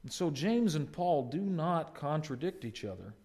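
A man preaching a sermon, swinging between loud, emphatic peaks and quiet asides, and asking the congregation questions. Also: fairly high pitch, very animated, normal speed. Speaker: pastor.

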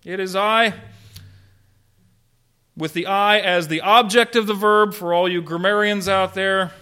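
A man's voice: high voice, steady tone, a little slow, bright, forceful tone, smooth. A man preaching a sermon, emphatic, with rhetorical questions and dry humor. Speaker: pastor.

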